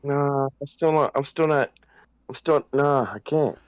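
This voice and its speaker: A man's voice: medium pitch, fairly even intonation, measured pace, clear, resonant tone, no room sound, highs cut off. A man co-hosting a gaming podcast, ribbing the host in a mock-offended way. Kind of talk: casual chat.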